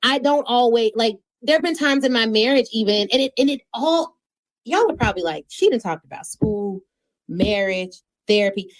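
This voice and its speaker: Emphatic woman hosting a motivational podcast. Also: on the high side. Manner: emphatic, preachy, playful, slips into informal slang. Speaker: podcast host and speaking coach. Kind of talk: motivational solo podcast talk.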